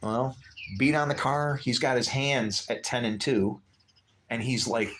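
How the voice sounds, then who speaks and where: A middle-aged man telling a personal story casually on a livestream, animated, acting out the other people's voices. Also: medium pitch, measured pace, slight background noise. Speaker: livestream host.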